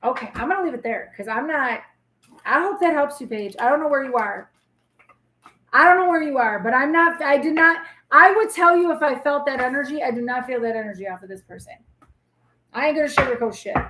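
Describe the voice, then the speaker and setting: A woman's voice: high-pitched, animated, brisk, reverberant, background noise. A woman in her forties hosting a casual live tarot reading, chatty, blunt and reassuring as she talks straight to viewers.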